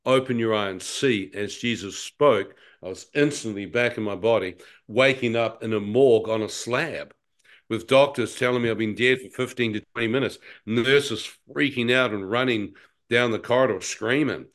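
Older New Zealand man, interview guest, emphatic testimony, stammering restarts, mid-pitched. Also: normal speed, fairly bright tone.

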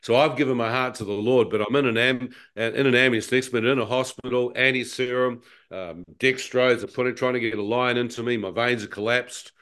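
Man, guest, animated storyteller who acts out his own thoughts, mid pitch. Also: brisk, few pauses. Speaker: guest telling a near-death testimony. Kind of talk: conversational personal testimony.

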